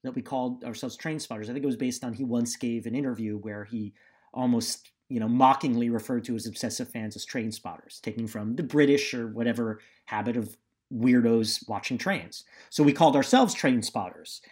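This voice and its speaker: A man's voice: mid-range voice, brisk, a little mellow. This is a man who hosts a quiz show and co-hosts a casual podcast. His humor is dry and wry. He often makes fun of himself. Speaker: quizmaster and podcast co-host. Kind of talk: casual chat.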